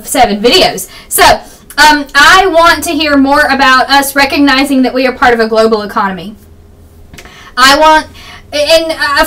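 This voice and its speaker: A young woman vlogging casually about politics, talking quickly and rambling with strong opinions, her voice a little froggy. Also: high-pitched, sharp tone. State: slightly froggy voice. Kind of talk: fast casual political vlog. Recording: distant camera mic.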